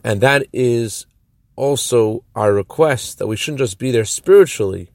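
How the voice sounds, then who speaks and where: A rabbi giving a short Torah teaching in a measured, explanatory way, slowing down to stress key phrases. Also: male voice, mid-range voice, a little mellow, no echo.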